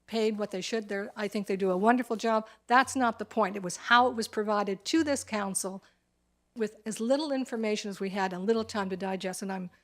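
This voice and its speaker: A woman's voice: mid-range voice, a little fast. A woman town councillor speaking in a council meeting, frustrated and emphatic, repeating her points as she objects.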